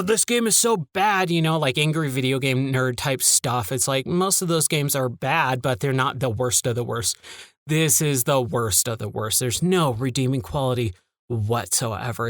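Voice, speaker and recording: A man's voice: medium pitch, a bit bright, no echo, clean studio sound. A man hosting his own podcast, talking casually in a candid, rambling and exasperated way about old video games. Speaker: podcast host. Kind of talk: casual monologue.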